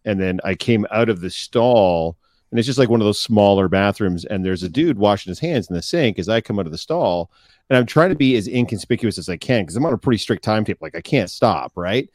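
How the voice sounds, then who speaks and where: Middle-aged man, podcast co-host, low voice, dry close sound, animated storyteller. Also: fairly quick, dry recording. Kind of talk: casual podcast chat.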